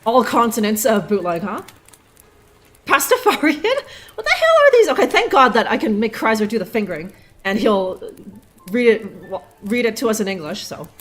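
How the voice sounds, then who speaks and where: A woman's voice: medium pitch, animated, a little fast. A woman streaming a detective game live, rambling and laughing as she sounds out German words with frequent curses. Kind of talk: casual live gameplay commentary.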